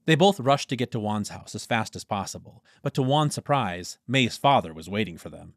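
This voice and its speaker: A man reading a story aloud as audiobook narrator, dropping low on speech tags. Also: normal speed, hardly any pauses, dry recording, studio quality.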